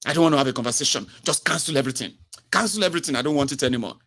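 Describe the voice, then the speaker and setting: A man voicing a furious male customer who shouts that he wants his service cancelled. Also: medium pitch, animated, rapid-fire. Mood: indignant. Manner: shouting, ranting accusations.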